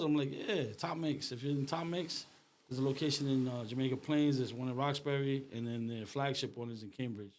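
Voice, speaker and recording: A man's voice: medium pitch, fast talker. A middle-aged man from Rhode Island, an artist, telling stories in casual street slang and saying "bro" a lot. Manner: animated storyteller, street slang, says "bro" often. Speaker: artist, guest. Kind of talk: casual conversation.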